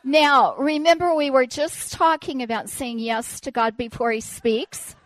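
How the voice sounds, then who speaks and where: Woman preaching, telling a story on herself, talks slow, kinda high voice. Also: dry recording. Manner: storytelling, animated and self-deprecating. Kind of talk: sermon with personal story.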